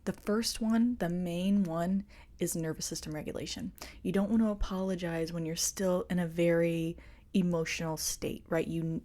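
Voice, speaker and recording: A woman hosting a solo podcast, talking in an earnest, confiding way and gently coaching her listeners. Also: lowish voice. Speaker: podcast host. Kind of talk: reflective solo podcast talk.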